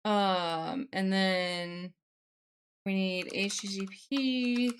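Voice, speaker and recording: A young woman live streaming as she codes, reading chat aloud and thinking out loud with many fillers. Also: medium pitch, fairly even intonation, extremely slow, slight background noise. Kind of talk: casual live-stream chat while coding.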